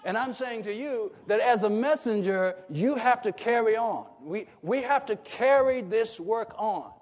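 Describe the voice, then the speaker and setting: A man preaching a sermon, asking the congregation questions and swelling into emphatic shouts as listeners call back. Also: sits high, animated, unhurried. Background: congregation calling out responses.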